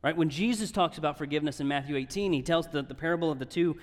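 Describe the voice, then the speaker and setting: A man's voice: fairly high pitch, racing. Man preaching in a reverberant hall. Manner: earnest, often asks "right?". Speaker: pastor. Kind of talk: sermon.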